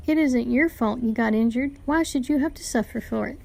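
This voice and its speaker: A woman's voice: a little high, fairly quick, creaky, darkish tone. A woman reading a grumpy, burned-out middle-aged male teacher in a story read aloud. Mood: stern.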